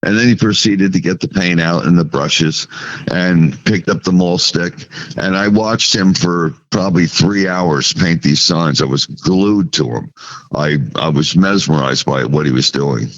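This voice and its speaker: Deep-voiced man telling a story, dull recording. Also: a little slow. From New Jersey. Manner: recounts memories, acting out quoted dialogue. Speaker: podcast guest, sign painter. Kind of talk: casual storytelling.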